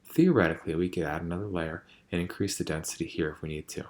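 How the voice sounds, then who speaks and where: A man voicing a calm, studious boy who explains things carefully. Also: low voice, fast talker, close to an everyday voice. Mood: explaining.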